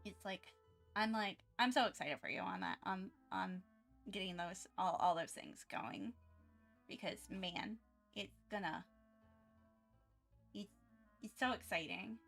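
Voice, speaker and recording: A woman art streamer chatting casually with viewers on a livestream, excitable and rambling, often restarting her sentences. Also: mid-range voice, unhurried, creaky, pauses often, soft background music.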